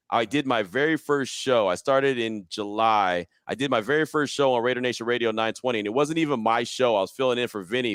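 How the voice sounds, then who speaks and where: Un hombre narra con ritmo rápido y muy animado, imitando con voz viva las frases de su propia anécdota. Su voz tiene un tono medio y suena seca, sin eco de sala. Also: male voice, mid-range voice, clear, resonant tone, no echo. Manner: animated storyteller, acts out his own quotes. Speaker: podcast guest, sports radio host. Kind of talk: casual storytelling interview.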